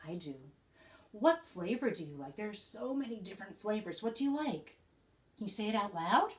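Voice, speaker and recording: A woman teacher reading a picture book aloud to young children, animated and coaxing, often asking them questions. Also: medium pitch, normal speed.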